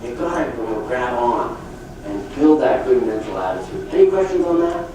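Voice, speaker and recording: A middle-aged man giving a motivational sales talk at a conference, telling folksy, animated stories. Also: medium pitch, moderate pace. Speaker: sales trainer speaking at a conference. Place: conference hall. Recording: echoey hall from far off with faint noise.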